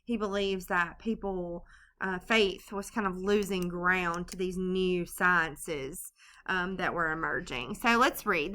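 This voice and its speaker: A woman gives a recorded literature lecture in a loose, conversational way, stopping often for ums and restarts. Her voice is bright and forward, with a clean, clear tone. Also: medium pitch, unhurried. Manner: casual, loose delivery with many ums and restarts. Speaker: literature teacher.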